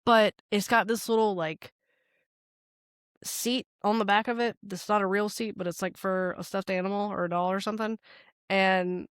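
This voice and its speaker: A woman's voice: medium pitch, fairly even intonation, normal speed, clear, resonant tone, no echo, studio quality. A woman in her forties, a podcast co-host in casual chat, telling a story with lots of swearing and rambling asides. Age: 40s.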